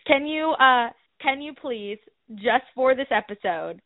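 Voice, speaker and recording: A woman's voice: high-pitched, animated, takes it slowly. A woman hosting a podcast, chatting and giggling on a phone call. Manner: giggly and gushing. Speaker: podcast host. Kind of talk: casual chat. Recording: tinny phone line.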